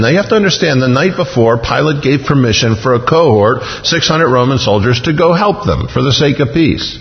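Preacher in a big echoing hall. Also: male voice. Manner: acts out Bible voices with sudden pitch jumps. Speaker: pastor. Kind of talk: expository sermon. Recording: muffled sound in a reverberant hall.

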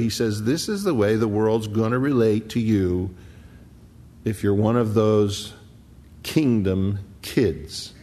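A man preaching a sermon, explaining scripture conversationally and stressing key words with slow, emphatic pauses. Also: medium pitch. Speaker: pastor.

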